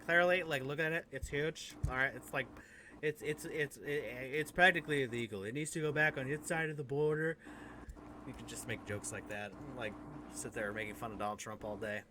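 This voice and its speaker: A man's voice: medium pitch, steady tone, a little fast, noisy background. A man hosting a casual chat podcast, joking and laughing often. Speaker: podcast host.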